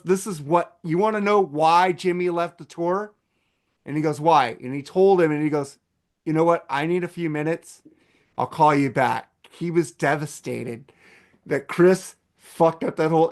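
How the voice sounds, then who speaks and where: A man hosting a podcast, telling a long story in a casual, animated way and swearing a lot. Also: on the high side. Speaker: podcast host.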